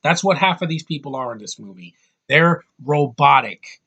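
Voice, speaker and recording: A man's voice: on the high side, expressive, normal speed, vocal fry, sharp tone, dull audio. A man giving an angry, profane film review, full of sarcastic asides. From United States. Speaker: movie reviewer.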